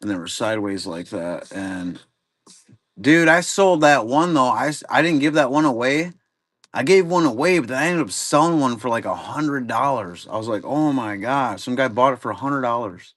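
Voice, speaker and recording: A man's voice: mid-range voice, animated, moderate pace, fairly bright tone. A man hosting a live card-break stream, chatting casually and rambling in a laid-back way with some swearing. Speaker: livestream card break host. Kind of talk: casual chat while running a live stream.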